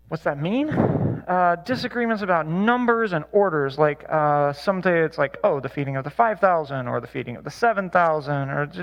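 High-voiced man teaching a casual Bible class. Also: creaky. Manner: chatty, many fillers and self-corrections. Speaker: church Bible study teacher. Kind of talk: casual teaching talk with anecdotes.

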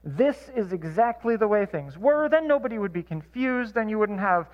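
A man's voice: sits high, sing-song, moderate pace, muffled recording. A man leading a church Bible study, talking casually with many fillers and self-corrections. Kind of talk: casual teaching talk with anecdotes.

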